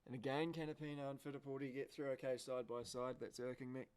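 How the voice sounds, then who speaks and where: A man commentating a car race live on a stream. He is excitable and swears, breaking into shouts at the screen. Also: medium pitch, fast talker, smooth.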